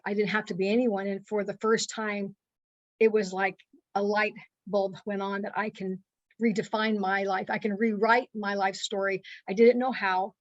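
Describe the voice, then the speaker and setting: A woman's voice: medium pitch, no echo, lo-fi sound. Earnest woman telling her story, dry sound. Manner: earnest, halting, many fillers and restarts. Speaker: guest speaker. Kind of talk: personal story on a call.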